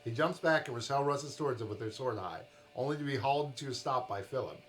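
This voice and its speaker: A man narrating a tabletop fantasy game as game master on a live stream, in a steady storybook manner. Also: mid-range voice, fast.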